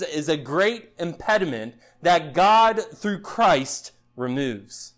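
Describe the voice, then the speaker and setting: A man preaching a sermon in an earnest style, building up loud passages and then dropping low and quiet. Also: expressive, slow. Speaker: pastor.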